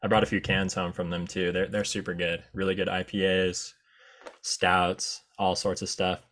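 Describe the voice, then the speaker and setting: A man's voice: deep voice, monotone, moderate pace, a bit bright. A man hosting a casual chat, easygoing and enthusiastic as he describes things. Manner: easygoing, enthusiastic about flavors.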